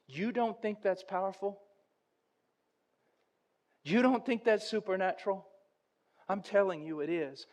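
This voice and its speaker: A man preaching a sermon, telling a story dramatically and building to loud intensity. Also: high-pitched, measured pace, pauses often.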